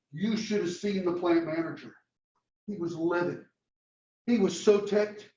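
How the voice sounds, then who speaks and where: A man lecturing a marketing class, telling a story and acting out its dialogue in a lively way. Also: high-pitched, unhurried, pauses often. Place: lecture room. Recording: roomy, distant, dull classroom recording.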